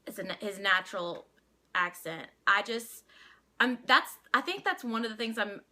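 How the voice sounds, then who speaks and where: A woman's voice: mid-range voice, expressive, normal speed, pushed and bright. A young woman from Louisiana with a light Louisiana accent, sharing her opinion in a casual vlog and often stopping to restart her sentences. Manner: hesitant, many restarts. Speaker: vlogger.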